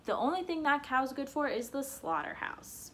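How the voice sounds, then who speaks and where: A woman's voice: sits high, big pitch swings, moderate pace, a bit bright. A woman voicing a blunt, matter-of-fact village butcher in a folktale.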